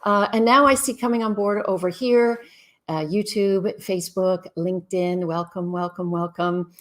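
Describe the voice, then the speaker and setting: A woman from Canada hosting a live-stream Q&A on relationships, greeting viewers in a casual, chatty way and giving frank, brisk advice. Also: mid-range voice, steady tone.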